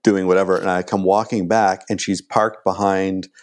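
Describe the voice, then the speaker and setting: A man, chatting casually as a guest and telling an animated story. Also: low voice, moderate pace. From Canada. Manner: animated storyteller acting out quoted lines.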